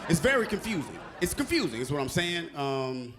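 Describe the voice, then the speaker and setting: A young man from Alabama performing a stand-up comedy set on stage, shouting and singing his punchlines. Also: brisk, background noise. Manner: animated, shouts and sings punchlines, high squeaky acted quotes.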